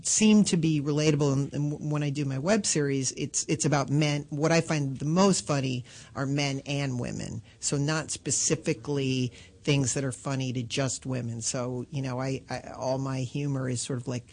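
A woman's voice: very deep voice, fairly even intonation, moderate pace, few pauses, darkish tone. A woman guest comedian chatting casually, telling a self-deprecating story with lots of fillers and restarts.

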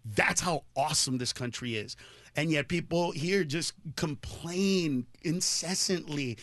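A middle-aged male comedian telling animated, ranting stories as a radio show guest, laughing at his own jokes. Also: high-pitched, unhurried, no room sound.

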